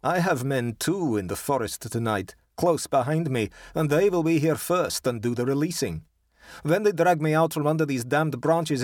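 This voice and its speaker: A man's voice: mid-range voice, no echo, studio quality, pitched above the performer's own voice, close to an everyday voice. A man voicing a trapped nobleman who snarls and mocks his enemy, harsh and savage in tone. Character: snarling mocking nobleman trapped under a tree.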